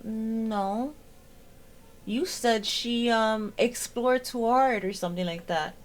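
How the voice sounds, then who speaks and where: A woman's voice: fairly high pitch, takes it slowly. A woman hosting a reaction commentary, sarcastic and exasperated as she picks apart a clip. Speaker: commentary host.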